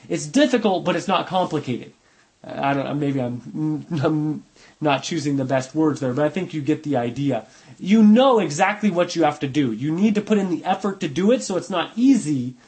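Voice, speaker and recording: A man's voice: on the high side, a little mellow, rough recording. A man teaching a Bible study, reading verses aloud and explaining them in a conversational way, often repeating points for emphasis and correcting himself mid-sentence.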